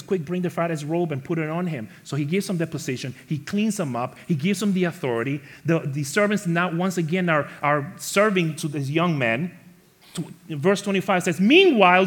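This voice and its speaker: Animated male preacher with lively pitch. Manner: animated, acts out quoted characters, rising to loud emphasis; speaks to the congregation as church family. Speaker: pastor. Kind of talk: sermon.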